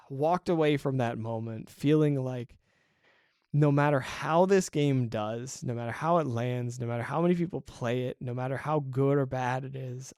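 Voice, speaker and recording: A man hosting a podcast as a hobby game developer, talking in an excited, rambling way with frequent laughs. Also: mid-range voice, clear, resonant tone, dry recording, clean studio sound. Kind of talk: casual solo podcast monologue.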